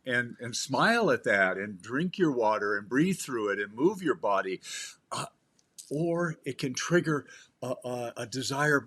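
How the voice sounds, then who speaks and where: Guy on spiritual talk radio, lively swoopy pitch, stumbles over words as he starts. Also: measured pace. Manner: animated, repeats words when starting sentences. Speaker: medical intuitive guest.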